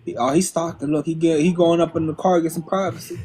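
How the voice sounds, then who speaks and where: A man's voice: on the high side, steady tone, fast, warm tone, slightly rough, soft background music. A man hosting a casual video chat, laid-back and slangy, with a drawling delivery.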